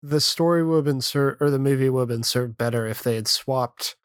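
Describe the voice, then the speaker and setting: Measured podcast co-host, dry close sound. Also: male voice, mid-range voice, no echo. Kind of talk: casual film discussion.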